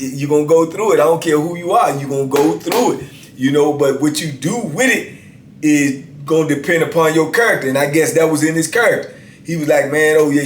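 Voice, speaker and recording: A man in his fifties casually telling stories as a channel host, laid-back and peppering his talk with "man" and "you know what I'm saying.". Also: a little high. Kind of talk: casual storytelling. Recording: echoey room with faint background hiss.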